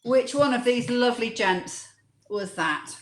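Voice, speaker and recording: A woman's voice: a little high, measured pace, reverberant. A woman co-hosting a live gin show, cheerfully teasing her partner and reading out viewer comments. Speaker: co-host and quiz reader. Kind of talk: casual chat.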